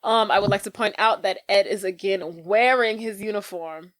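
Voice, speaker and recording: A woman's voice: medium pitch, moderate pace, dry recording. A woman co-hosting a podcast, recapping a movie in casual, slangy chat and acting out quotes. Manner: animated, slangy storytelling with acted quotes. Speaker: podcast co-host.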